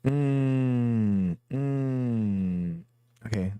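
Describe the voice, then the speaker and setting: A man's voice: mid-range voice, drawn-out words, mellow, smooth, no echo. A man streaming a guessing game live, rambling and thinking aloud as he plays. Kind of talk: casual live game commentary.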